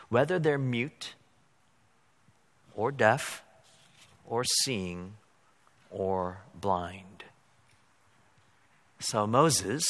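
A man preaching a sermon as a pastor, rising to loud, high-pitched emphasis and then dropping to quiet. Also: lively intonation, extremely slow, long pauses. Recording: long hall reverb.

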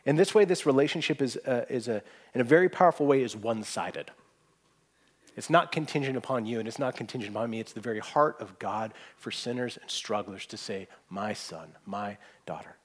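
Earnest preacher swinging loud to hushed. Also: male voice, mid-range voice, fairly quick. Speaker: pastor. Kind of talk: sermon.

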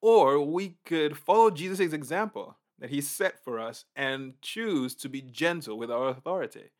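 Animated man preaching a casual sermon. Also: a little high, moderate pace. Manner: conversational and animated, acts out reactions.

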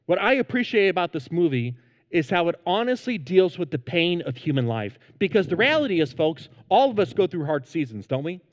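A man's voice: high-pitched, sing-song, brisk, long reverb tail. A man preaching a sermon as pastor, earnest and emphatic, in a church sanctuary.

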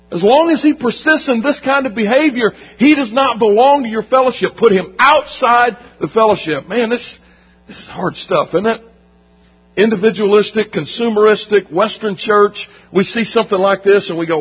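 Male pastor, high husky voice, emphatic conversational sermon, long hall reverb, dull sound. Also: normal speed. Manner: emphatic, conversational preaching with repetitions.

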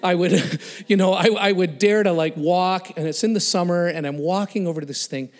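A male guest speaker telling a personal story in a sermon, animated, laughing and acting out the voices of the people in it. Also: high voice, normal speed. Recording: long reverb of a large hall.

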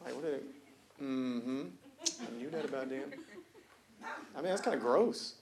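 A man preaching a sermon in a church, talking casually with jokes and slang, then building to loud, emphatic points. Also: medium pitch, animated, measured pace, noisy background. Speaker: pastor. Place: church sanctuary.

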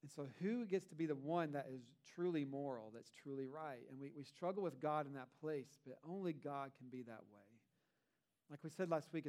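A man's voice: on the high side, darkish tone. A man, a pastor, preaching a sermon in a conversational way, with rhetorical asides to the congregation.

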